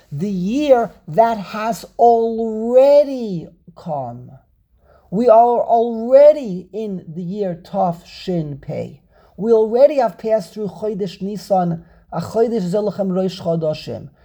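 A man's voice: high voice, gravelly, mellow, husky. A man teaching an online scripture class over a video call, stressing and repeating his key points with frequent "okay"s. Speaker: Torah teacher.

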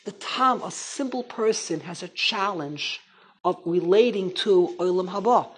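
Husky-voiced rabbi, rambling animated storyteller, Torah class. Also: male voice, high-pitched, unhurried, rough recording. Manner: rambling, animated storytelling with Hebrew and Yiddish terms.

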